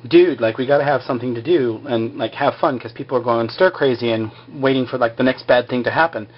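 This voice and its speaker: A man's voice: medium pitch, brisk, highs cut off, close to an everyday voice. Guy doing a chill slangy castaway dude. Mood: laid-back. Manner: slangy, drawling. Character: laid-back young man castaway, easygoing.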